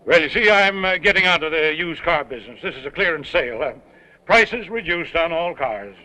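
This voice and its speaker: A bright, wheedling con man. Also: on the high side, expressive. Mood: evasive. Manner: fast-talking and evasive, stammering fillers. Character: smooth-talking middle-aged male con man. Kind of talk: 1930s film acting. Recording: dull old film soundtrack with faint hiss.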